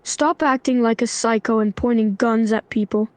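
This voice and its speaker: A synthetic woman's voice reading the lines of a stern, angry young man in an even way. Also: on the high side, moderate pace, no room sound, close to an everyday voice.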